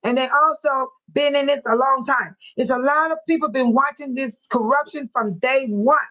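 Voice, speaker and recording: Older woman, slightly high, chatty. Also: moderate pace, a bit bright, low-quality recording. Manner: emotional, churchy, talks straight to her chat. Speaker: livestream host. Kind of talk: casual livestream chat with viewers. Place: at home.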